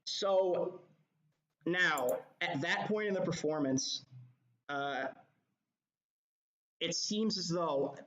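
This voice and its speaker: A man's voice: fairly high pitch, drawn-out words, long pauses, a bit bright. Man narrating a tabletop game, echoey. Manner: rambling descriptive narration with fillers. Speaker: game master. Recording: echoey, dull lo-fi.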